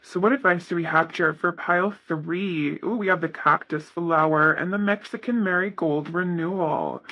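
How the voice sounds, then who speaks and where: A man's voice: high voice, normal speed, bright, forceful tone. A man giving a casual tarot reading, talking in a rambling, self-correcting way with lots of fillers. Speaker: tarot reader.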